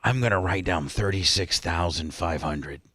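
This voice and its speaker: A radio host from Indiana spins a long anecdote on air and slips into the voices of the people in it. His voice is bright and forceful, recorded dry and close in the studio. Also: deep voice, normal speed, breathy edge, no room sound. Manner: animated storyteller, acts out other people's lines. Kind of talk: storytelling on a talk show.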